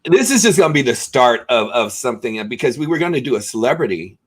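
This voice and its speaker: A man's voice: medium pitch, sing-song, fast, husky. A man hosting a casual chat show over a video call, talking in long, rambling, effusive runs full of fillers. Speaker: host.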